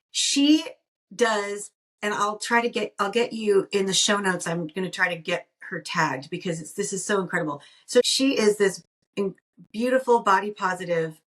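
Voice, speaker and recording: A woman's voice: medium pitch, a bit bright. A woman co-hosting a podcast, telling stories animatedly and often restarting her sentences. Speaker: podcast co-host. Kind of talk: casual storytelling chat. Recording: voice heard from a distance off the mic.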